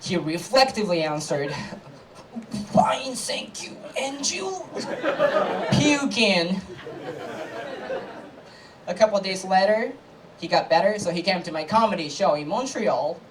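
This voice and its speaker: A man from Japan with a Japanese accent, a native Japanese speaker performing a stand-up comedy set on a live club stage, landing deadpan punchlines with laughing asides. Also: high-pitched, moderate pace, pauses often, far from the mic, crowd noise, background noise.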